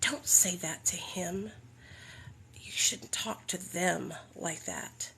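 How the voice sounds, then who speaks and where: A Southern woman putting on the hushed, scolding whisper of her prim, prejudiced former sponsor. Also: lowish voice, expressive, slow, creaky, husky, heavily acted, low-quality recording.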